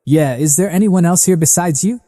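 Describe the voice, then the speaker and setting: A man's voice: high-pitched, brisk, dark tone, big-room sound, pitched above the performer's own voice, lightly acted. A man voicing a hot-headed boy who is a protective older brother, speaking harshly. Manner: harsh, accusing.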